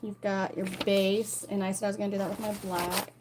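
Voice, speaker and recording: A woman's voice: medium pitch, little pitch movement, fairly quick, a little mellow, slight background noise, poor audio. A woman leading a casual sewalong tutorial, chatting and thinking aloud as she plans and cuts her fabric pieces. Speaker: sewing instructor.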